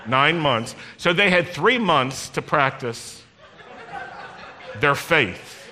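A man's voice: fairly high pitch, lively intonation, slow pace, sharp tone. A man preaching as a rabbi, talking straight to the congregation in a conversational, teasing way, recorded in a congregation hall. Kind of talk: sermon. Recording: long reverb in a large hall.

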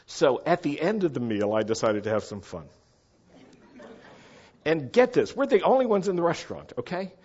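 A middle-aged man telling a story in a chatty, animated way, often checking that his listeners follow. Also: on the high side, moderate pace, long pauses, husky. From United States. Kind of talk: casual anecdotal storytelling. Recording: dull lo-fi recording.

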